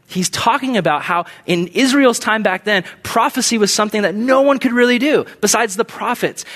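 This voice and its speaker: A young man preaching a casual sermon, telling stories in an animated, conversational way with slangy asides. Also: sits high.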